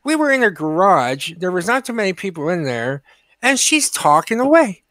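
Podcast co-host, male, high voice, profane animated storyteller, dry booth. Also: moderate pace, dry recording.

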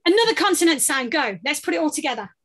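A British woman leading a guided vocal warm-up workshop, giving playful, encouraging instructions. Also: high voice, big pitch swings, fast talker. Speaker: voice workshop leader.

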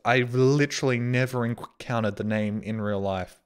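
A man's voice: medium pitch, fairly even intonation, normal speed, clear, resonant tone. A man streaming live, reading out viewer donations and messages in casual, self-mocking, sarcastic banter.

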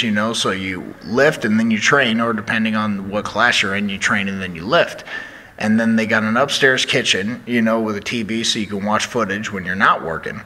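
A professional wrestler chats about his career as a podcast guest, his voice bright and forceful. He talks in an animated, loose way with many fillers. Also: on the low side, slight background noise, rough recording. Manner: animated, chatty, lots of "you know". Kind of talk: casual interview storytelling.

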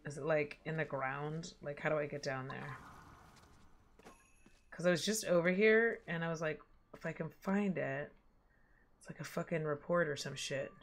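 A woman's voice: low-pitched, moderate pace, long pauses. A woman streaming a video game, talking casually to her chat with lots of swearing and laughter. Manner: profane, chatty, laughs easily. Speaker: gaming streamer. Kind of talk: casual gameplay commentary.

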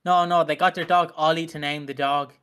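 A man with a high voice telling rambling stories in a loose podcast chat. He is full of fillers and restarts and breaks into giggles often. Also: steady tone, brisk, a bit bright, clean tone. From Britain. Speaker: podcast co-host. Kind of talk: casual chat.

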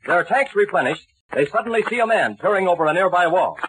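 Lively old-time radio announcer. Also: male voice, high voice, rough recording. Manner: brisk, dramatic storytelling. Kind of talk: scripted radio narration. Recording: hissy old radio broadcast.

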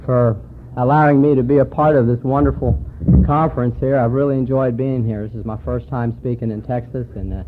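A man's voice: medium pitch, steady tone, a little fast, slight background noise. A man speaking at a recovery conference, telling folksy jokes and stories to an audience in a hall. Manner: folksy joke-telling storyteller. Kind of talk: recovery meeting talk with jokes. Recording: tinny phone-like hall recording.

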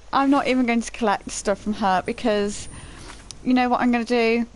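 A woman's voice: a little high, steady tone, fairly quick. A woman giving casual, chatty commentary while playing a video game, often poking fun at herself. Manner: chatty, self-deprecating running commentary. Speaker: let's play gamer.

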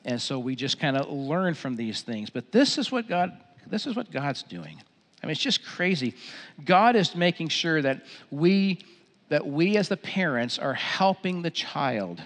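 A middle-aged man preaching a sermon as pastor in a church auditorium, telling stories in an animated way and repeating phrases. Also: fairly high pitch, unhurried. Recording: long hall reverb.

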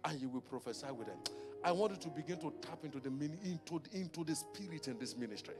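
A man preaching a sermon as pastor, telling a personal story in a lively storytelling manner. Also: on the high side, quick pace, soft background music. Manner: storytelling preacher, rising to shouted prayer in tongues.

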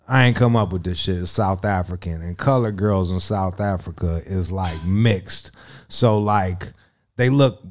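A man's voice: sits low, measured pace, a little mellow. A man who works as a radio personality, telling crude stories as a guest in a profane, rambling, swaggering way. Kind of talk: crude casual storytelling.

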